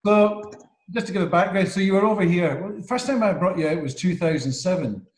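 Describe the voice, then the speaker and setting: A man's voice: high-pitched, animated, a little fast, a little hiss or hum. Male host, rambling, hesitant, echoey room on a video call. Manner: rambling, many restarts and fillers. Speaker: interview host. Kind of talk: casual interview chat.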